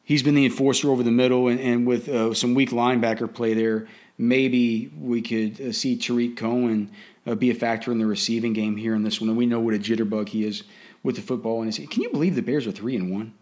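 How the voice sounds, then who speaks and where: A man's voice: medium pitch, little pitch movement, brisk, darkish tone. A man giving casual fantasy football and betting commentary in a blunt, opinionated way, often restarting and repeating words.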